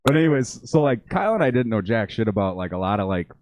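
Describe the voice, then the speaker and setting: A man's voice: lowish voice, very animated, fast talker, darkish tone, no echo. A man, a podcast guest, chatting casually and rambling through old band stories with lots of fillers. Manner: rambling, filler-heavy storytelling. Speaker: podcast guest, former bandmate. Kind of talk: casual chat.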